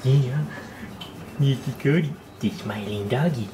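A man vlogging as he talks to his dog in soft, doting baby talk that often drops to a half-whisper, picked up by a camera microphone. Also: medium pitch, a little slow. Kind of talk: casual vlog talking to his dog. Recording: noisy home video recording.

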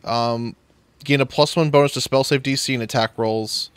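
A man's voice: mid-range voice, fairly even intonation, normal speed, clean tone, no room sound. A man chatting casually while playing a game, joking around and reading game text aloud. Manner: jokey, rambling, reads in-game text aloud. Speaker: gamer playing a video game. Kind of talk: casual gameplay chat.

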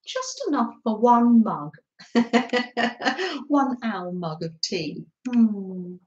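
A woman's voice: fairly high pitch, sing-song, extremely slow, a little mellow, muffled recording. An Englishwoman hosting a craft livestream, chatting casually, greeting viewers by name and giggling often. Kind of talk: casual chat reading live comments. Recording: echoey room.

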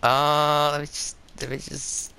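A man giving rambling, excitable live commentary over his own gameplay, swearing and laughing as he goes. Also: a little high, a little slow, vocal fry, clean tone. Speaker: gaming video creator.

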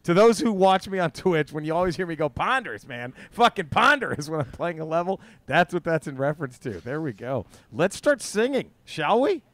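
A man's voice: on the high side, lively intonation, brisk, few pauses, no room sound. A man co-hosting a podcast in casual banter, laughing often and swearing freely. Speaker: podcast co-host.

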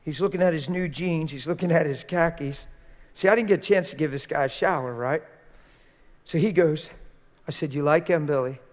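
An older man preaching a sermon, telling a story in a colloquial, animated way and acting out the dialogue. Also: a little high, normal speed, big-room sound. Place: church sanctuary.

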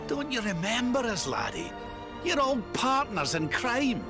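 An actor playing a kindly old man in a video game, gentle and reassuring. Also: very high voice, sing-song, a little slow, full character voice. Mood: puzzled. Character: kindly old Scottish grandfather of a hero. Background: game music.

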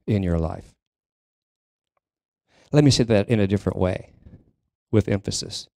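A man delivering a sermon to his congregation in a slow, unhurried cadence, often pausing and restarting mid-sentence. His voice is low and mellow, recorded close and dry with little room sound. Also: animated, no echo. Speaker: minister. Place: church sanctuary.

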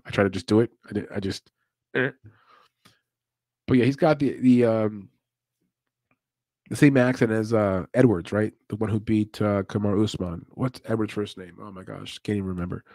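A man's voice: lowish voice, darkish tone, no echo. A man hosting a casual live show, talking loosely with many laughs and asides. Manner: laid-back, chatty, laughs often. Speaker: podcast host.

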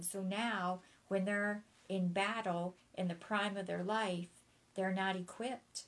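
A woman's voice: medium pitch, fairly even intonation, slow pace, poor audio. A woman preaching a sermon, teaching in an emphatic way, repeating her key phrases and spelling out words for note-takers.

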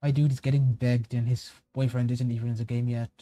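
Male streamer, casual reaction chat, mellow and rambling, self-correcting, mid pitch. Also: little pitch movement, a little fast, no room sound. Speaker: streamer reacting to game cards.

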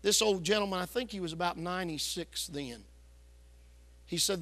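A loud, hard-driving preacher delivers a storytelling revival sermon. His voice sits high and sounds bright and forceful. The long reverb of a church sanctuary trails every phrase. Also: normal speed, long pauses. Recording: echoey church hall.

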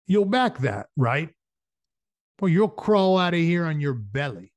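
A cold hired gunslinger, voiced by a man reading aloud, needles his target with soft, drawn-out taunts. His pitch sits a little above the reader's own. The recording is dry and close. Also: sing-song, no room sound. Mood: threatening. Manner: taunting, soft-spoken menace. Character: menacing male hired gunslinger.

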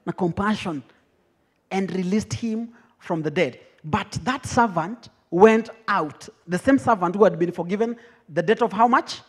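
A young man with a Kenyan accent preaches a teaching sermon in a high, husky voice. He keeps it lively, teasing his listeners and laughing often as he explains the passage. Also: measured pace. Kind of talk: teaching sermon, mixing English and Swahili.

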